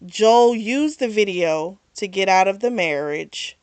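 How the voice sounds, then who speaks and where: Slow-talking woman recapping a book. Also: medium pitch, clear, resonant tone, no room sound. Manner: chatty, retells scenes with lively asides. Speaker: book club vlog host.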